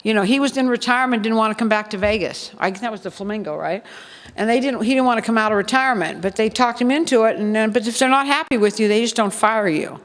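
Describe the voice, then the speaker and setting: A woman's voice: on the high side, quick pace, few pauses. Blunt older woman in a reverberant hall. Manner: blunt, laughs often, acts out quoted voices. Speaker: former showgirl speaker. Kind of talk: storytelling at a seminar.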